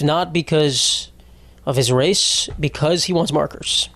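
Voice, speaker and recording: A man hosting a comedy podcast in a somewhat high voice, rambling through profane stories and laughing at his own jokes. The sound is close and dry. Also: measured pace, fairly bright tone, no echo. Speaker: podcast host.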